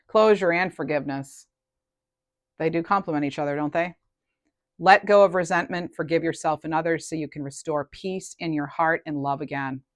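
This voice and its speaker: Woman, low voice, casual tarot reading, chatty, thinks aloud, dry recording. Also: steady tone, normal speed, no echo. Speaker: tarot reader.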